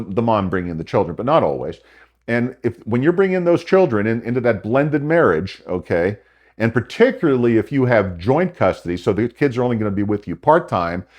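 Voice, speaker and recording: A man's voice: on the low side, a little mellow. Older man, rambling and emphatic. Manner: rambling, emphatic, with emotional asides. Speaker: podcast host. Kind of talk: casual advice monologue.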